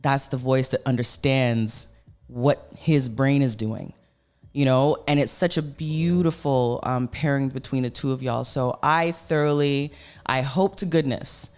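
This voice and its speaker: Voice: medium pitch, steady tone, a little slow, darkish tone. Rambling, effusive radio host. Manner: effusive, rambling, lots of fillers. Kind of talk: casual radio interview. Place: radio studio.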